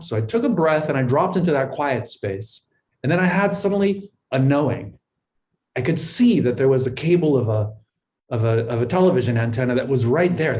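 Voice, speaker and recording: Heard on a low-quality recording, a middle-aged man with a darkish, mid-range voice shares his life story as an interview guest. His storytelling is conversational, earnest and thoughtful, with words often repeated as he thinks aloud.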